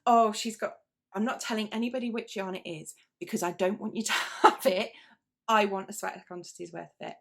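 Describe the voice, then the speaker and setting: A woman's voice: medium pitch, fairly even intonation, fairly quick. A British woman hosting a knitting video podcast, chatting casually and rambling with frequent asides and restarts. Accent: British English. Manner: chatty and rambling, with frequent self-interruptions and fillers. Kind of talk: casual chat to camera.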